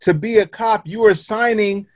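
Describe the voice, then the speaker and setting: A man's voice: sits high, moderate pace, no echo. A man who is a comedian, making a point in casual talk and building it through a hypothetical. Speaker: comedian, co-host. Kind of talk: casual podcast chat.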